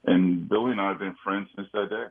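A man's voice: low voice, fairly even intonation, fast, vocal fry. A man from Kansas City, a security consultant guest, talking in a laid-back, agreeable way. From Kansas City, United States. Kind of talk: casual interview. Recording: phone line.

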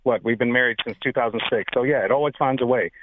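A man calling in to a talk show and telling animated stories about accents. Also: mid-range voice, quick pace. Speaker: caller. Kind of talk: phone-in storytelling. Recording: tinny phone line.

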